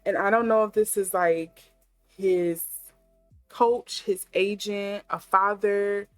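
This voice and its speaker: A woman's voice: mid-range voice, steady tone, slow, clean tone, no echo, faint music behind. A woman giving a casual intuitive tarot reading, musing aloud with many fillers as she thinks. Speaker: tarot reader.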